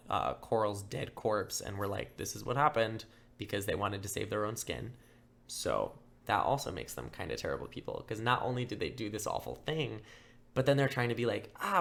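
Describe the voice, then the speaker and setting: Gravelly young man telling a crime story. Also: lowish voice. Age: young adult. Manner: casual, filler-heavy, acts out quotes in flat mock voices. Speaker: podcast host. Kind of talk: casual true-crime storytelling.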